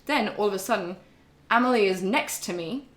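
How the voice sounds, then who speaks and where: A young woman recaps a game on stream, chatty, giggly and quick to swear. Her voice sits mid-range, and the small room around her mic has a noticeable echo. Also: mid-range voice, expressive, fairly bright tone. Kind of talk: casual chat.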